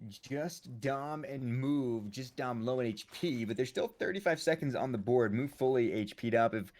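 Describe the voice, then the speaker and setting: A man calling an esports match play-by-play, excitable and joking around between the action. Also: medium pitch, normal speed. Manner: excitable, jokey banter between calls. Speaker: esports caster.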